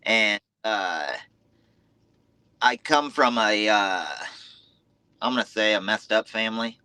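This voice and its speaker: A man's voice: on the low side, slow pace, bright, forceful tone, smooth, dry recording. A man who is a guest on a motocross podcast, talking in an easygoing, candid way. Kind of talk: casual interview chat.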